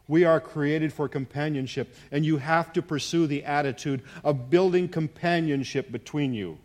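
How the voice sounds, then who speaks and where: A middle-aged man preaching a sermon, earnest, moving between hushed and emphatic delivery. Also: mid-range voice. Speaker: pastor.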